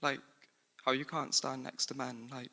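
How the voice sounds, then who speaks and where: Intense English man, sharp live poetry. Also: mid-range voice, little pitch movement, moderate pace. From England. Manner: intense, rhythmic, incantatory delivery. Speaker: slam poet. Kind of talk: performed spoken-word poetry. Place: large hall venue, live on stage. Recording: live performance with long hall reverb.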